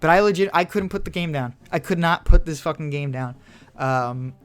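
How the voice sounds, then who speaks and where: A man's voice: fairly high pitch, normal speed, smooth. A young man co-hosting a podcast, rambling in casual chat with lots of "like" fillers and casual swearing. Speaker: podcast co-host.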